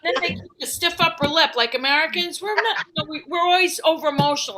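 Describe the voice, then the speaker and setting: A woman's voice: extremely high pitch, fast talker, few pauses, background noise. A middle-aged woman performing a stand-up comedy set, wry and self-deprecating, slipping into quoted voices.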